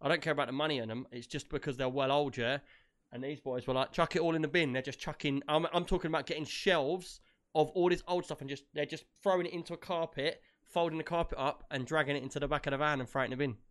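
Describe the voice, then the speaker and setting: A man co-hosting a casual show, chatting in excitable, slangy banter and laughing often. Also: on the high side, fast. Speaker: podcast co-host. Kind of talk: casual chat.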